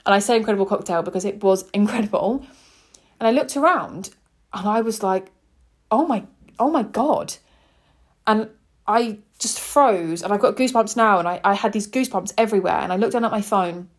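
A woman's voice: medium pitch, brisk. A woman in her twenties, hosting a podcast and telling a personal story in an earnest, heartfelt, chatty way. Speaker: podcast host.

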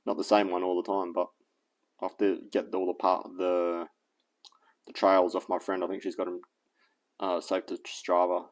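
An Australian man whose accent has drifted toward American hosts a fitness channel, speaking low and level at normal speed with long pauses. His casual vlog rant rambles, full of self-corrections and chuckles.

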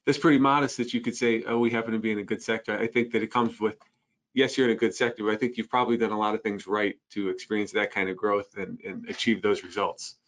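A man hosts a business podcast interview. His voice sits on the low side, and he talks in a friendly, chatty way, pausing on fillers as he shapes his questions. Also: flat delivery, fairly bright tone. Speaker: podcast host.

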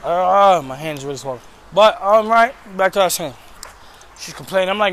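A man's voice: sits high, lively intonation, brisk, a bit bright, a little hiss or hum. A man ranting profanely about his job to viewers while walking a city street at night. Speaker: vlogger. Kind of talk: casual storytelling vlog. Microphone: handheld phone.

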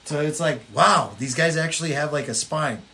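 A man's voice: a little high, normal speed, slight background noise. Rambling storytelling podcast man. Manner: rambling, animated storytelling with voiced impressions. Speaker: podcast co-host. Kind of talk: casual political chat.

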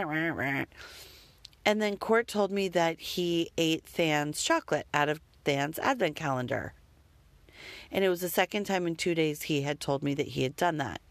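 On a dry recording, a woman with a fairly low voice talks candidly about parenting in a rambling, self-critical monologue, letting the odd curse word slip.

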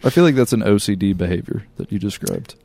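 A man's voice: on the low side, lively intonation, fast talker, gravelly, dark tone, no echo. A man co-hosting a podcast in casual chat, telling stories loosely with lots of filler words and laughter. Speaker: podcast co-host.

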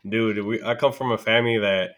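Joking guy on a podcast, bright voice, curses a lot. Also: lowish voice, fairly even intonation, fairly quick. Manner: joking, swears a lot, laughs between lines. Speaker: podcast co-host. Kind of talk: casual chat.

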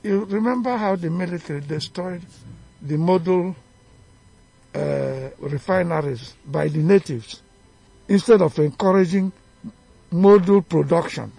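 Nigerian guy ranting on a radio panel, real gravelly and husky, dry sound. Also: a little high, a little slow, pauses often, warm tone, no room sound, faint music behind. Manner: emphatic, fiery, rhetorical questions. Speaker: studio guest, chief. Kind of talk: heated radio debate. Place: radio studio.

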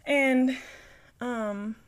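A woman's voice: a little high, steady tone, extremely slow, clean tone. A young woman hosting a podcast, candidly telling a personal story, swearing freely and acting out both sides of the conversations. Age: young adult. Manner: swings from quiet mumbles to loud bursts. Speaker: podcast host.

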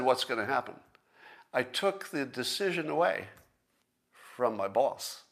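A man's voice: mid-range voice, a bit bright. A man hosting a podcast, giving a casual solo monologue in a plain-spoken, self-assured way and often asking rhetorical questions. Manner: conversational, persuasive, fond of rhetorical questions. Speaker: podcast host.

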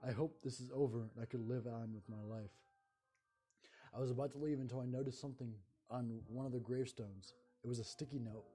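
Mellow man reading a horror story. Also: mid-range voice, steady tone, brisk, husky.

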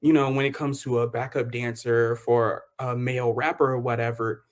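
A man's voice: medium pitch, normal speed. A young man co-hosting a casual podcast, talking bluntly and mimicking rude customers. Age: young adult. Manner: expressive, blunt, mocking impressions. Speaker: co-host.

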